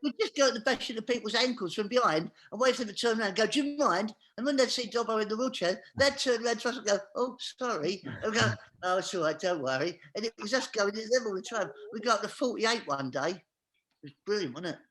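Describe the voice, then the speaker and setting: A man's voice: high voice, fast, a bit bright. A man, a guest on a chat show, telling a comic anecdote and acting out each scene with animation.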